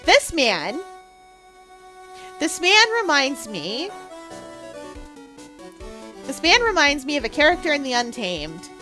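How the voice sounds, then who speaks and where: A woman's voice: high-pitched, sing-song, takes it slowly, long pauses, bright, forceful tone, faint music behind. A young woman streamer chatting and joking with her viewers during a live game stream. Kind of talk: live gaming stream chat.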